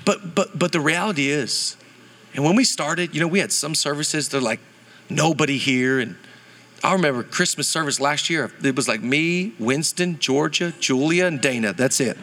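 A pastor in his thirties preaching a sermon at a church service, animated and joking, calling on the congregation to answer back. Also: fairly high pitch, moderate pace. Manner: animated and humorous, calls on the congregation for responses.

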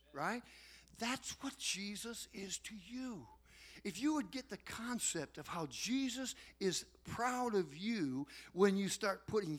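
A middle-aged man preaching a sermon to his congregation in a folksy, animated way. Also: high-pitched. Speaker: pastor.

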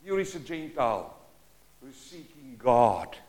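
A man preaching a sermon in a church, impassioned and swinging between loud exhortation and quiet pleading, firing rhetorical questions at the congregation. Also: mid-range voice, big pitch swings, measured pace.

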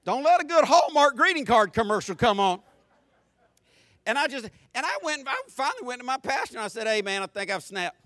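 High-voiced, bright preacher man. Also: fairly quick, no room sound. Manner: storytelling preacher, shifting between loud animated asides and soft, low reflection. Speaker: pastor. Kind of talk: sermon.

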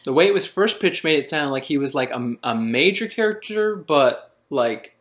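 A man's voice: fairly high pitch, animated, moderate pace, a bit bright. A man co-hosting a podcast in casual chat, blunt and opinionated with a joking edge. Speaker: podcast co-host.

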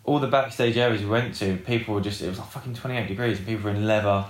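A man with a lowish voice chats casually as an interview guest. He rambles with many fillers and blunt swearing. The room around him is roomy and echoey. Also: steady tone, rapid-fire. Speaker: guest, rock band guitarist.

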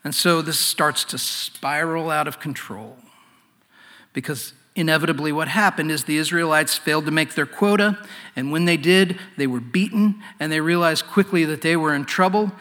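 A man preaching a sermon in an earnest way, often dropping to a hushed voice. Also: a little high, normal speed. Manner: earnest, swings from loud to hushed. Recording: long hall reverb.

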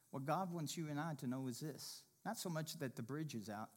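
A man preaching a sermon as pastor, swinging from impassioned loud passages to hushed, quiet ones. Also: a little high, fairly quick, hardly any pauses.

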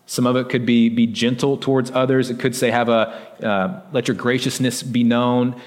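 A man's voice: mid-range voice, level tone, moderate pace, long reverb tail. A man preaching a sermon as pastor, in a loose conversational way, often tossing in "like" and "right?" to his listeners.

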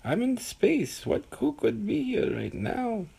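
A man's voice: very high voice, huge pitch swings, slow pace, gravelly, dark tone, husky, pitched above the performer's own voice, exaggerated voice. A man voicing Hanukkah Harry, a flustered male space traveler who stammers and hesitates, in a told bedtime story. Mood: puzzled.

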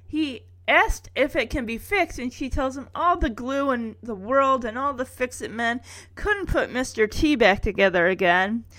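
A woman's voice: on the high side, expressive, moderate pace, fairly bright tone. A woman recapping an episode in a casual, chatty way, with wry sarcastic asides.

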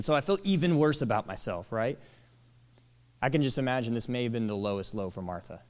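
A man preaching a sermon, animated, acting out quoted lines and dropping to soft, tender tones. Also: lowish voice. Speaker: pastor. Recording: long hall reverb.

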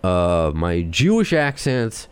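A man with a New York accent hosting a podcast, talking fast and excitably as he rants. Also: low voice, clean tone, no echo. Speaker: podcast host. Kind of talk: casual chat.

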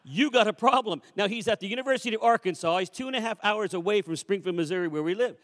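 A pastor in his fifties preaching a sermon, animated, moving between loud calls and quiet asides. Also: sits high, racing. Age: 50s. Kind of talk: sermon with storytelling. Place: church sanctuary. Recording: long reverb of a church hall.

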